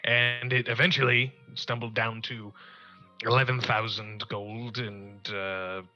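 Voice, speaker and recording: Player, male, very bright tone, dull lo-fi mic, rambling. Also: mid-range voice, little pitch movement, slow, faint music behind. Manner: rambling, digressive storytelling. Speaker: tabletop player. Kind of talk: in-character tabletop play.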